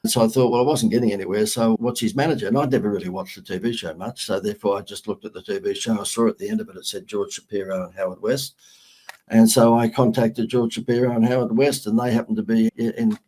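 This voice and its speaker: An older man with an Australian accent recounts stories as a podcast guest. His voice is low and a little husky, and his delivery is animated and self-mocking. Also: quick pace. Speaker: marketing guest. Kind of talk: podcast interview storytelling.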